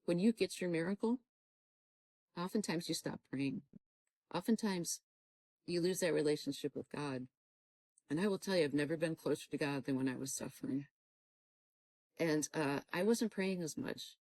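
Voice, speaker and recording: A middle-aged woman with a low, warm voice tells her personal testimony in earnest. She acts out her own past dialogue as she goes. The sound is dry and close. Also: moderate pace, long pauses, no room sound, poor audio. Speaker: guest telling her testimony.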